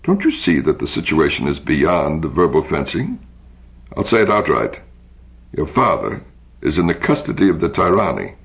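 A man's voice: rumbling low, wildly swooping pitch, moderate pace, vocal fry, full character voice. A man reading aloud, voicing a cool, refined male dandy who speaks in a precise, insistent way. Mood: urgent. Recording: dull lo-fi recording.

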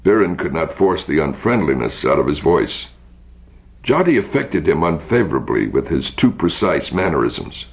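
A man's voice: extremely low pitch, very animated, moderate pace, gravelly. A man narrating a story, reading expressively and voicing each character himself. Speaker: audiobook narrator. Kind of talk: scripted narration. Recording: dull lo-fi recording.

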